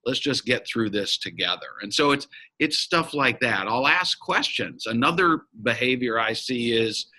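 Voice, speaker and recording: A man's voice: mid-range voice, expressive, normal speed, pushed and bright, rough recording. A man speaking as an interview guest, a business coach and facilitator who talks frankly and emphatically and swears now and then. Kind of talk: candid interview conversation.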